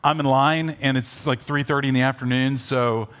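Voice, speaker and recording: Man pastor, middle-pitched voice, animated preaching that swings between loud and soft. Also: normal speed, clean tone. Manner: animated storytelling, shifts between loud urging and soft asides. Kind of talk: sermon.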